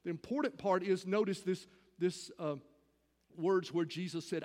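A man in his fifties delivers a sermon in an earnest, urging way, piling up rhetorical questions before rising into emphatic encouragement. His voice sits high for a man. A long reverb hangs behind his words in what sounds like a large church hall. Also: steady tone, moderate pace. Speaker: pastor.

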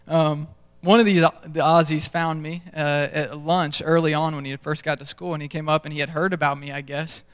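Resonant young preacher in a reverberant hall. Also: male voice, on the high side, flat delivery, brisk, hardly any pauses, fairly bright tone, clean tone. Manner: self-deprecating storytelling, conversational. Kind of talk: sermon. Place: large church stage.

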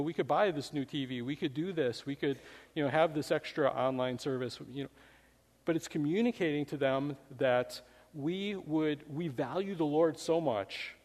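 A man's voice: medium pitch, a little mellow. A man preaching a sermon in a church, speaking conversationally with many "you know" fillers. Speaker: pastor. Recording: long hall reverb.

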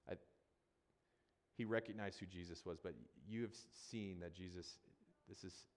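Pastor, male, deep voice, conversational sermon delivery that repeats phrases for emphasis, long hall reverb. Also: steady tone, normal speed.

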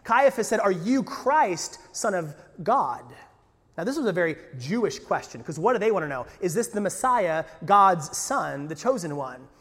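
A man preaching a sermon as pastor, lively and conversational, with jokes and asides to the congregation. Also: high-pitched, brisk, few pauses, long reverb tail.

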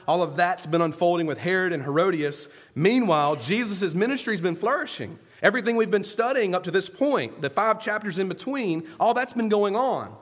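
A man preaching an earnest sermon, moving between soft, low asides and loud, emphatic stresses. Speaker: pastor.

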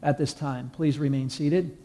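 A man voicing an airline captain who makes steady, measured cabin announcements. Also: fairly high pitch, close to an everyday voice.

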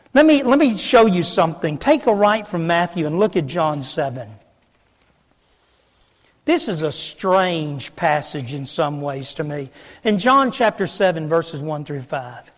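A male preacher delivers a sermon in a notably high voice, rising to loud declarations and sinking to hushed, almost whispered lines. His voice carries a long reverb, as if filling a church sanctuary. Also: expressive, normal speed.

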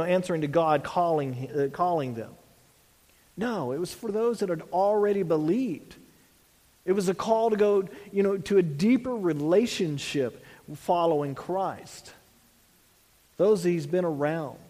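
A man's voice: high voice, darkish tone, big-room sound. A man preaching a sermon as a pastor, earnest, restarting phrases and dropping in "you know" asides.

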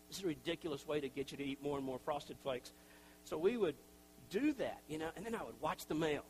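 A middle-aged pastor preaches in a loose, conversational way, full of self-deprecating asides and little acted-out quotes. His voice sits a bit high for a man. A faint hum runs under the recording. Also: low-quality recording. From Tennessee. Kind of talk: sermon.

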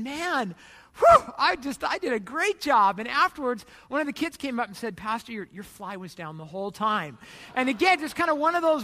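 High-voiced pastor in a reverberant hall. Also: male voice, sharp tone. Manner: chatty storytelling, self-deprecating humor, many restarts. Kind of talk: sermon.

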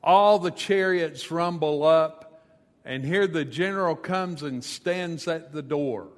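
A pastor delivers a sermon at an unhurried pace, telling a scripture story with casual asides. His voice sits a bit high for a man. The sound carries a long reverb, as from a large hall.

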